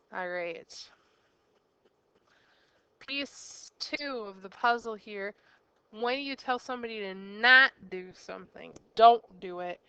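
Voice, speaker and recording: A woman teacher walks through a grammar lesson step by step, her voice bright and crisp. She pauses to quiz her listeners as she goes. The recording is dry and a little dull, as if taken close on a modest mic. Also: mid-range voice, no room sound. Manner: explains step by step, quizzes the listener with questions. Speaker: Spanish teacher.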